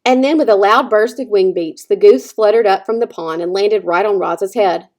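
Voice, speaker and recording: A woman teacher reading a children's novel aloud with expressive storytelling. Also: mid-range voice, normal speed. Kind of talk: children's book read-aloud.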